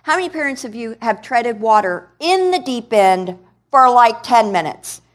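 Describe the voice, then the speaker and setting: A woman preacher giving a sermon in a conversational, animated way, asking the congregation questions. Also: a little high, normal speed. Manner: conversational, animated, quizzes the audience.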